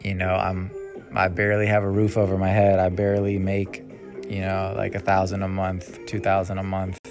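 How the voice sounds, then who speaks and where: A young man talks through his solo podcast in a low, gravelly voice. He muses loosely, trails off and sighs between thoughts. Guitar music plays clearly behind him the whole time. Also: monotone, normal speed. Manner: casual, musing, trailing off with many ums and sighs. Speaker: podcast host. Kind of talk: rambling solo podcast monologue.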